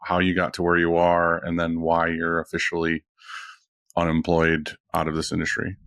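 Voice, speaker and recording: A man hosting a podcast, asking questions in a relaxed, casual way with many fillers. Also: sits low, moderate pace, no room sound, clean studio sound. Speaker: podcast host. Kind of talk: casual interview chat.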